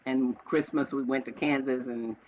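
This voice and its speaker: A woman's voice: rumbling low, fairly even intonation, moderate pace, darkish tone, lo-fi sound, slight background noise. A woman in her seventies, guest on a podcast, telling heartfelt stories in an emphatic way and repeating phrases for effect. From American South. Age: 70s. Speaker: podcast guest, retired teacher. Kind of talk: heartfelt conversational storytelling.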